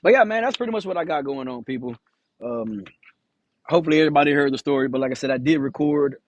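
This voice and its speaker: A truck driver tells a story straight to camera, blunt and swearing freely, and acts out what others said. His voice sits a little high for a man. The sound is dry, with no room echo. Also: fast, highs cut off. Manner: candid, profane, acts out quoted dialogue. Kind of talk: casual storytelling vlog.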